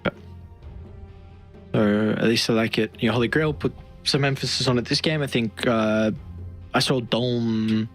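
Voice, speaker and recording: A man with an everyday mid-range voice calls an esports draft. He explains picks in a steady, conversational way while faint music plays behind him. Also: medium pitch, normal speed, long pauses. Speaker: esports caster. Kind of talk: esports play-by-play commentary.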